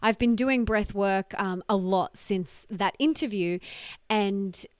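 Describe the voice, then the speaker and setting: A woman's voice: mid-range voice, slow, smooth, no room sound, studio quality. A woman hosting a podcast, enthusiastic and affirming, speaking casually with frequent fillers. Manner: enthusiastic, affirming, many fillers like "like" and "you know". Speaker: podcast host.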